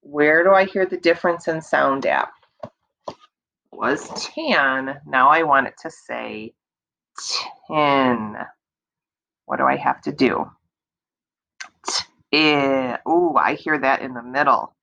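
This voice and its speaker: A woman teacher giving a slow, patient early reading lesson to young children, repeating words and stretching out sounds to encourage them. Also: a bass voice, creaky, a bit bright, dull audio.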